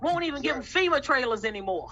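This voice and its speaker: A woman with a high, lively voice talks fast as a member of a group discussion, giving an impassioned testimony about faith. She is emphatic and repetitive, with a preaching cadence. The audio is dull, with slight background noise.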